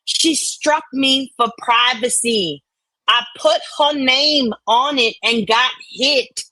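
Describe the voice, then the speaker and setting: A woman co-hosting a casual chat, talking fast and bluntly. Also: high-pitched, bright, forceful tone, no echo, rough recording. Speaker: co-host.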